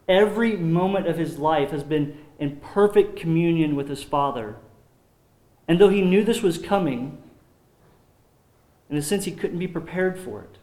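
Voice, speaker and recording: A man's voice: a little high, darkish tone. Solemn preaching man in a roomy space. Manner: earnest, measured preaching with solemn drops in volume. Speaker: pastor. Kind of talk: sermon. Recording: roomy echo.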